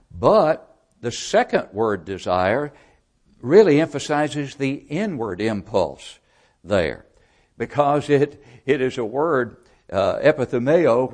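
Man preaching a measured Bible sermon. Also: mid-range voice. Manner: measured, deliberate delivery with frequent asides and repetitions.

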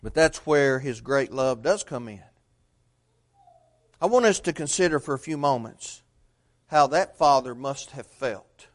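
A man preaching a sermon, telling a story earnestly and swinging between loud and hushed delivery. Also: medium pitch, expressive, a little slow, pauses often.

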